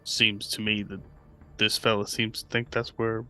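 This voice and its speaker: A man's voice: on the low side, little pitch movement, moderate pace, pushed and bright, clear, resonant tone, soft background music. A man playing his character in a tabletop game, hesitant and full of fillers. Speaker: player.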